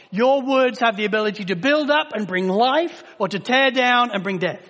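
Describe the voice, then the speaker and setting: An English man preaching a sermon to a congregation, emphatic, slowing down to stress words and rising in volume at key points. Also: high voice, a bit bright. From England. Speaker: pastor. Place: church hall with long reverb. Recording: reverberant church hall.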